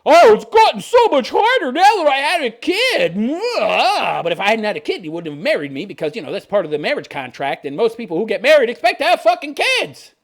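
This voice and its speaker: Guy putting on a squeaky whiny young mom, entitled, voice jumps all over. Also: very animated, brisk, few pauses, exaggerated voice. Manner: mocking high-pitched whine. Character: whiny entitled young stay-at-home mother.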